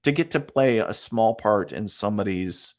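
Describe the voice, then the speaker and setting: A man interviewed as a psychic medium tells stories casually and animatedly, acting out what people said and laughing often. His voice is on the low side and moves at normal speed.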